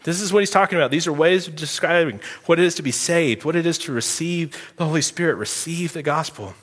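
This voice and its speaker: A man preaching a sermon as pastor, emphatic and animated, with sudden loud outbursts. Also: a little high, fairly quick. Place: church sanctuary. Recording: long hall reverb.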